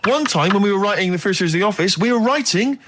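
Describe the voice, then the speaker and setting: A man's voice: high voice, expressive, very fast, noisy background. A man co-hosting a radio chat, ranting in mock exasperation about a friend's habits, on a studio microphone. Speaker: radio co-host.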